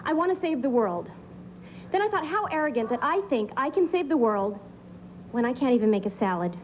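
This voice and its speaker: Deadpan woman doing stand-up. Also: fairly high pitch, slight background noise, low-quality recording. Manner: deadpan one-liners with pauses for laughs. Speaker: stand-up comedian. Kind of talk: stand-up comedy set. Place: comedy club stage. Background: audience laughter.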